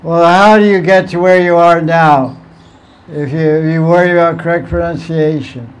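A man's voice: on the high side, fairly even intonation, normal speed, clean tone, rough recording. A man, a spiritual teacher, giving a devotional talk with verse recitation, playful and chuckling as he answers questions.

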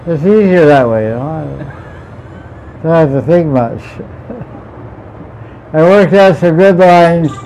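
A man's voice: fairly high pitch, expressive, takes it slowly, pauses often, mellow. A man teaching a scripture class in a playful way. He laughs often and puts questions to the class. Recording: dull lo-fi sound with faint vehicle noise.

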